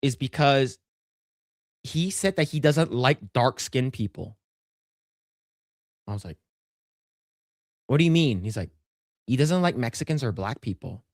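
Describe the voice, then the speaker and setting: A man's voice: mid-range voice, expressive, a little slow, pauses often, dry recording. Man streaming, rambling and swearing, stammering restarts, dry close mic. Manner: rambling, profane storytelling with many restarts. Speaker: podcast co-host. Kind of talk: casual livestream chat.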